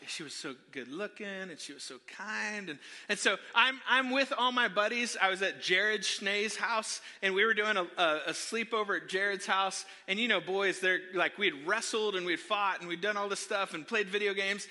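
A man preaching a sermon, telling a funny self-deprecating story from his childhood to the congregation in an animated way. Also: high-pitched. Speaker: pastor. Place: church sanctuary. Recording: long hall reverb.

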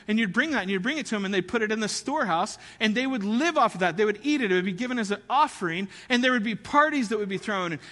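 A man preaching a sermon as pastor, conversational and animated, building to louder emphatic peaks. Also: very high-pitched, long reverb tail.

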